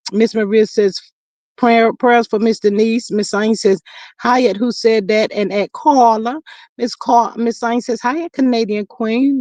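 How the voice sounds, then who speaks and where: A woman hosting a casual live stream, chatting with viewers and reading their comments aloud in a lively, drawn-out way. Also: no room sound. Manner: chatty, lively, drawn-out greetings, sudden high exclamations.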